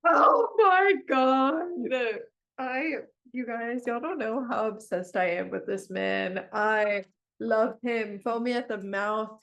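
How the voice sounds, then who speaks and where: A woman co-hosting a podcast in casual chat, gushing and excitable, often breaking into laughter. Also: mid-range voice, measured pace, creaky. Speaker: podcast co-host.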